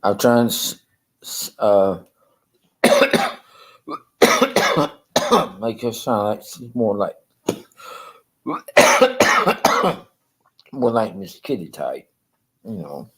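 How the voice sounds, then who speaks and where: Man, very low voice, unhurried, rambling live-stream chat, lots of ums and restarts. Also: sing-song, fairly bright tone, poor audio. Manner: chuckles often between thoughts.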